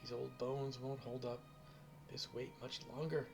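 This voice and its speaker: A man's voice: medium pitch, little pitch movement, a little slow, vocal fry, over music, pitched above the performer's own voice. A man voicing a frail old mother, half-mad with grief, who wails and repeats her words in despair. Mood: grief-stricken.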